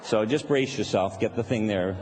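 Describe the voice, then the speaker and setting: A man's voice: fairly low pitch, moderate pace, crowd noise. Playful man speaking in a reverberant hall. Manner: playful, laughs often, acts out quoted voices. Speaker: seminar speaker. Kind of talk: live workshop talk. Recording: reverberant hall, faint background noise.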